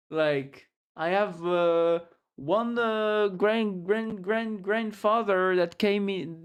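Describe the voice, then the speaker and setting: A man's voice: high-pitched, takes it slowly, hardly any pauses, clear, resonant tone. Rambling, stammering male streamer. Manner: rambling, repeats words while searching for them; reads chat aloud and jokes with it. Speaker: livestreamer. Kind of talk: casual chat with viewers.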